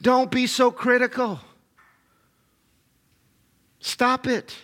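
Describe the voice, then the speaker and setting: Male pastor, middle-aged, high tenor, preaching with punchy repetition and call-outs to the crowd. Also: level tone, extremely slow, a bit bright. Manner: emphatic, repetitive, calls for audience responses. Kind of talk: sermon.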